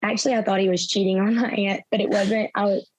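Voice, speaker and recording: A young woman, a guest in an interview, retelling events through quoted dialogue in a soft, halting way with fillers. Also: medium pitch, little pitch movement, dry recording. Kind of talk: personal storytelling in an interview. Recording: slightly dull, dry sound.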